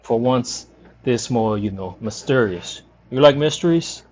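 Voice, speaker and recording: A man's voice: medium pitch, expressive, measured pace, a little mellow. A man voicing a boastful, scruffy bar regular who calls himself a detective, in a cocky, teasing drawl.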